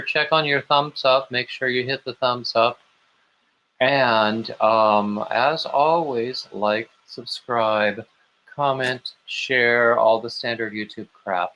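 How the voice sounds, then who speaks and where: A man's voice: medium pitch, pushed and bright, a little hiss or hum. A man hosting a casual live stream, chatting in a rambling way and reading out viewer comments. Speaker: livestream host. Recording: dull lo-fi stream audio.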